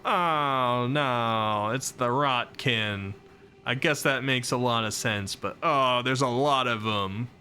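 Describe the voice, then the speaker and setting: A man's voice: mid-range voice, bright, forceful tone, a little hiss or hum. A man streaming a game live, chatting casually, reacting aloud to what happens and answering his chat. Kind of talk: live gameplay commentary.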